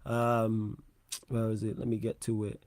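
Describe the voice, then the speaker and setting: A man's voice: fairly low pitch, monotone, a little slow, darkish tone, dry recording, studio quality. A man hosting a football talk stream, chatting casually with blunt, slangy banter. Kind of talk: casual chat.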